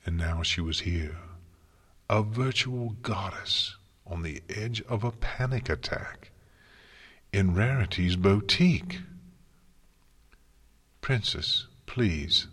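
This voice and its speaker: A man reading a story aloud in a slow, measured narration style. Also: low-pitched, fairly bright tone, husky. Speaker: audiobook narrator. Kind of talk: scripted fan fiction narration. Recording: long hall reverb.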